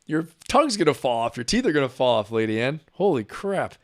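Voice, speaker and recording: A man's voice: mid-range voice, sing-song, fairly quick. A middle-aged man hosting a live stream, reacting to clips in a casual, chatty way, laughing often and talking to his viewers.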